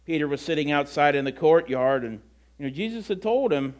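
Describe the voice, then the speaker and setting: A man's voice: a little high, brisk. Conversational male preacher. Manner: conversational, animated retelling. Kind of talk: sermon, storytelling.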